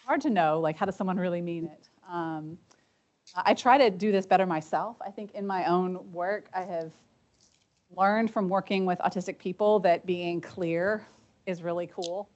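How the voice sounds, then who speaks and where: A woman's voice: lowish voice, moderate pace, darkish tone. A woman giving a conference breakout talk, chatty and anecdotal, often checking in with "right?" and "um". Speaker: conference presenter. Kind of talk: conference talk with audience discussion. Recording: dull lo-fi conference recording.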